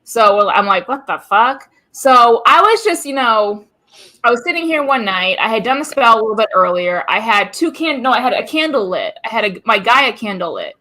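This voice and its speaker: A woman's voice: fairly high pitch, very animated, brisk, sharp tone. A woman co-hosting a casual talk show from her home, telling a personal story candidly, with some swearing. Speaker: co-host of a witchcraft talk show. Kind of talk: casual chat. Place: home room.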